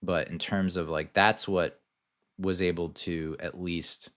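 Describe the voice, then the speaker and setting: A man's voice: sits low, little pitch movement, slow, a bit bright. A man hosting a film podcast, talking through a movie review in a rambling, hesitant way with lots of restarts and casual swearing. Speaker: podcast host.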